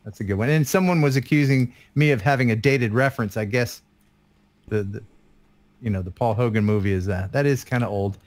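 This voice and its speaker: A man's voice: mid-range voice, fairly quick, a little mellow. Man, fifties, guest co-host, chatty, self-deprecating, laughs often. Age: 50s. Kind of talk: casual live-stream chat.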